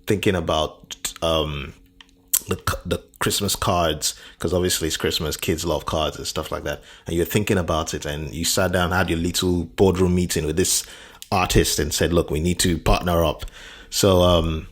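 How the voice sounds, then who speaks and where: Very deep-voiced male podcast host. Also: steady tone, moderate pace. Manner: upbeat, repeats words for emphasis. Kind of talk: casual interview chat.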